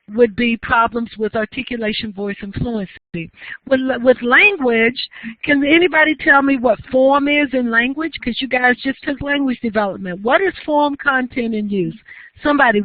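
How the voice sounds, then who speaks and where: A woman lecturer talks her class through the material in a steady, explanatory way and stops to ask the students questions. Her voice is dry and close, with no room around it. It comes through a narrow, tinny, phone-like channel. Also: fairly high pitch, no echo. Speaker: university lecturer.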